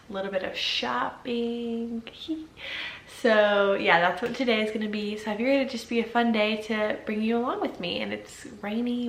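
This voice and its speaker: A young woman in her twenties chatting casually to camera at home, bubbly and quick to laugh, with a just-woken morning voice. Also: medium pitch, a bit bright. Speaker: vlogger and teacher. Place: at home indoors. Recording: echoey room.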